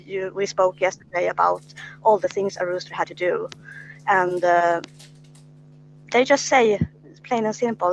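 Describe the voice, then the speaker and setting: A woman's voice: fairly low pitch, steady tone, measured pace, vocal fry, long pauses. A woman from Sweden, hosting a podcast chat, hesitant and full of filler sounds. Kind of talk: casual interview chat. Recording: dull with faint hum.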